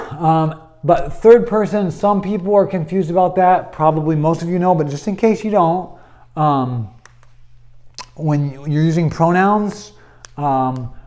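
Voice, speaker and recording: Slow, patient man teaching Hebrew grammar. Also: mid-range voice, darkish tone. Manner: patient, explanatory, many fillers. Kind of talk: classroom lesson explaining grammar.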